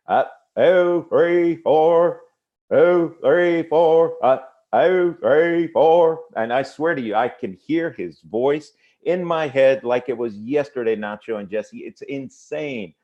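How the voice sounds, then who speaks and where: A man's voice: mid-range voice, highs cut off. A man presenting a motivational business training, talking straight to his audience and repeating key phrases. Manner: energetic, repetitive, addresses audience directly. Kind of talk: motivational sales training talk.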